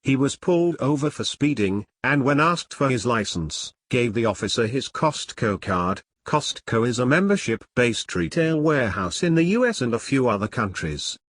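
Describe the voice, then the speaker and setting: A man's voice: mid-range voice, big pitch swings, normal speed, hardly any pauses, no echo. Dry, matter-of-fact male story reader. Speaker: narrator. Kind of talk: reading online stories aloud.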